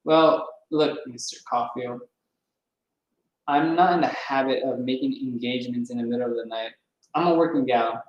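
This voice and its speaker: A man's voice: medium pitch, moderate pace, dull audio, natural voice. Man doing a coy young woman on the phone. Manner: prim, faintly put-on English airs. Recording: roomy echo.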